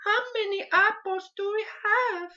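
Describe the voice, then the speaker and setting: A man voicing a small cartoon meerkat child asking counting questions in a mock Mexican accent, singsong and slow. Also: very high-pitched, fairly even intonation, bright, forceful tone, highs cut off, pitched above the performer's own voice, full character voice. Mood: curious.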